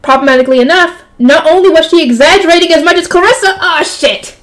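A woman's voice: very high voice, quick pace, low-quality recording. A woman reading a light novel aloud, breaking off to react with exclamations and groans.

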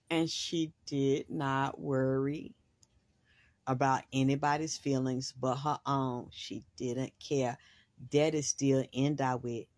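A woman hosting a spiritual reading, rambling in an excitable monologue and swearing freely in long run-on sentences. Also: a bass voice, no echo. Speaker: host, spiritual reader.

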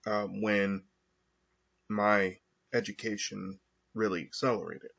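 A man talking through his thoughts alone in a slow, halting monologue with frequent pauses and fillers. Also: on the low side, fairly even intonation, vocal fry, a bit bright. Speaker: podcast host. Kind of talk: reflective monologue. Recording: dull lo-fi recording.

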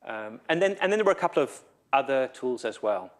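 A man's voice: medium pitch, big pitch swings, brisk. A man giving a conference talk, nervous, often stumbling and repeating his words. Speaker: conference speaker. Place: conference hall.

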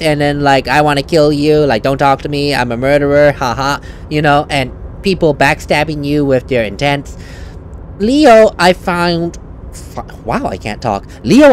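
A man's voice: on the high side, a little hiss or hum. A man hosting a let's play, chatting casually, often correcting himself and laughing while he reads game dialogue aloud. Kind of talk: casual gaming commentary.

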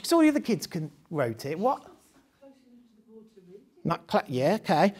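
A man's voice: a little high, huge pitch swings, measured pace, pauses often, darkish tone, breathy edge. A man leading a live training session for teachers, talking conversationally with rhetorical questions and frequent laughs.

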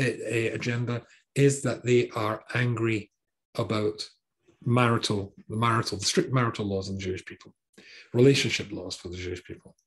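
A man's voice: mid-range voice, darkish tone. A man teaching a Torah class as a rabbi, translating line by line with wry, sarcastic asides and hesitant restarts.

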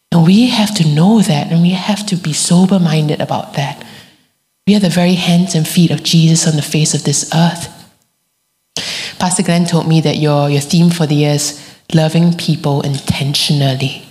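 A woman, preaching a sermon and telling a story with lively quoted voices. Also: low-pitched. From Singapore. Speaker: guest preacher.

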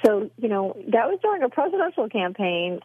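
A woman's voice: fairly high pitch, very animated, a little fast, husky, no room sound. A woman guest telling her story in an earnest, fervent way, full of "you know" fillers, heard over a phone line. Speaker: guest, pro-life advocate. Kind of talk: storytelling in a podcast interview. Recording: tinny phone line, dry.

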